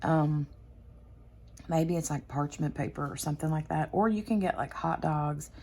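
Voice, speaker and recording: Lowish-voiced woman rambling through her craft vlog, lots of ums. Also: moderate pace, a little mellow, husky. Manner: rambling, many fillers. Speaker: craft channel host. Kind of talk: casual chat.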